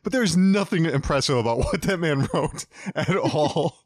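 A man's voice: fairly high pitch, animated, normal speed, no echo, clean studio sound. A man co-hosting a podcast, chatting casually and mockingly about a movie, laughing often. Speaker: podcast co-host. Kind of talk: casual comedic movie review chat.

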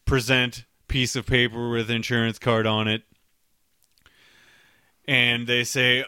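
A man co-hosting a podcast, rambling through everyday stories with lots of swearing and laughter. His voice is bright and forward with a dry close-mic sound. He restarts his sentences often. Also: medium pitch, flat delivery, slow pace, long pauses, clear, resonant tone, no room sound. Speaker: podcast co-host. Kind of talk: casual storytelling chat.

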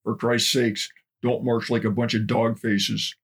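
A man voicing a gruff drill instructor giving blunt, clipped orders in a husky voice. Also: medium pitch, flat delivery, a little slow. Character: gruff male drill instructor addressing his platoon.

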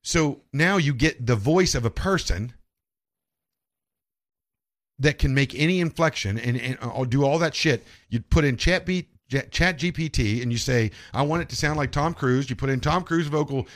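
A man's voice: medium pitch, expressive, normal speed. A man hosting a casual podcast, rambling with frequent restarts and swearing.

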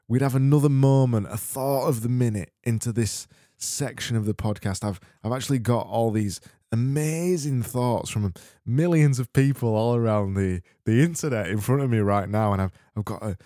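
A man's voice: medium pitch, dark tone, no room sound, studio quality. A man hosting a comedy podcast, sarcastically gushing thanks to listeners in a mock-cheerful monologue with stammering restarts. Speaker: podcast host.

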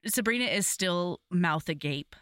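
A woman's voice: on the low side, a little slow, clear, resonant tone, dry recording, studio quality. A young adult woman co-hosting a podcast, recapping a movie in casual chat and acting out scenes. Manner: animated, acts out scenes, laughs often. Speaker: podcast co-host.

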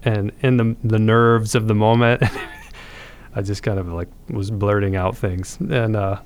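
A man's voice: lowish voice, steady tone, unhurried, clear, resonant tone. A man, a podcast guest, telling his conversion story in an earnest, reflective way with frequent restarts.

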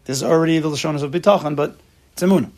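A man's voice: on the high side, racing, a little mellow. A man teaching a class, emphatic, mixing Hebrew terms into his English. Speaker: Torah teacher. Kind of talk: lecture to a class.

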